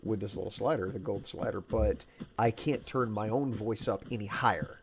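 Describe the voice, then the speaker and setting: A young man with a somewhat low voice streams a survival game and talks it through casually. He rambles and cracks wry jokes. Faint hiss sits under the mic. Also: moderate pace. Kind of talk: casual gaming chat.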